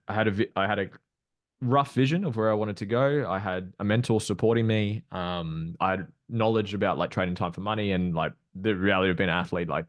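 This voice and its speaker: A young Australian man speaking with a very low voice in a relaxed podcast chat, candid and loose, throwing in swear words and fillers. The sound is dry and close, with no room to speak of. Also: dry recording. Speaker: podcast guest, mindset coach. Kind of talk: casual podcast conversation.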